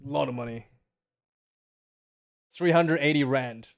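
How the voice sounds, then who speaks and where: A man streaming casual live commentary on a match, chatty and jokey, prone to loud incredulous rants. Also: mid-range voice, a little slow, pauses often.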